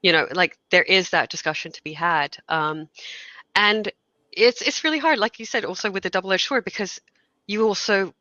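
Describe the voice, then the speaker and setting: A woman's voice: medium pitch, moderate pace, pushed and bright, no room sound, muffled recording. A woman guest speaking frankly and with animation in a casual panel conversation, acting out quoted remarks. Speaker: guest, game course organizer.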